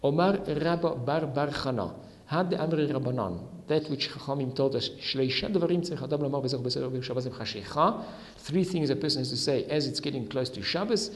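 A man's voice: mid-range voice, a little fast, in a large hall. A man teaching a Talmud lesson with Ashkenazi Hebrew pronunciation, reading each Aramaic line and then explaining it in English. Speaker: Torah teacher.

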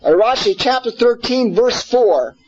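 High-voiced man teaching a scripture class. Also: lively intonation, a little slow, darkish tone, highs cut off, soft background music. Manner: earnest, repeats words, asks the class questions. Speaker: Torah teacher.

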